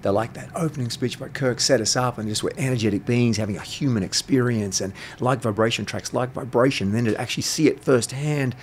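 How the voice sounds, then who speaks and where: An intuitive coach being interviewed tells his stories at a quick clip, barely pausing, in a medium-pitched voice. He's blunt and provocative and swears a lot, and there's a little hiss or hum on the audio.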